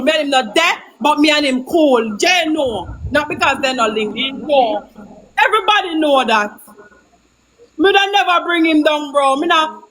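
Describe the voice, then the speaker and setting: A woman's voice: high-pitched, a bit bright, low-quality recording. A Jamaican woman ranting on a live stream, agitated and repetitive as she defends herself. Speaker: livestreamer. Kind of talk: heated live-stream rant.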